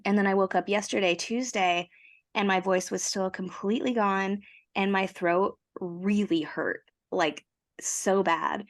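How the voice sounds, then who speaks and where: A young woman co-hosting a casual podcast, her voice hoarse from a cold, telling her story in a chatty, self-mocking way. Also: medium pitch, unhurried. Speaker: podcast co-host. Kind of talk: casual chat.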